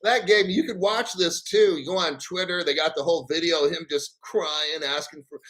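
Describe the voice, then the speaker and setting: A man's voice: a little high, lively intonation, brisk, a bit bright, poor audio. A man hosting his crypto channel, ranting in a gleeful, mocking and profane way. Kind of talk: ranting vlog commentary.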